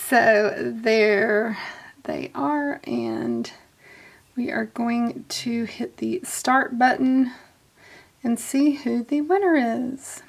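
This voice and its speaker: A woman's voice: fairly high pitch, lively intonation, drawn-out words, vocal fry, long pauses. A woman in her fifties hosting a giveaway announcement vlog, gushing and effusive, repeating herself often. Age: 50s. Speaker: beauty vlogger.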